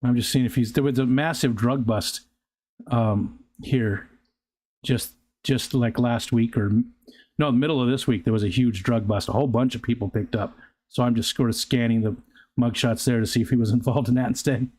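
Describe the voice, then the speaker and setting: Older male livestream host, casual halting chatter, reads comments and drifts between topics. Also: medium pitch, steady tone, darkish tone. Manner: rambling, halting, with frequent restarts and fillers. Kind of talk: casual live chat reading viewer comments. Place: outdoors near a pond.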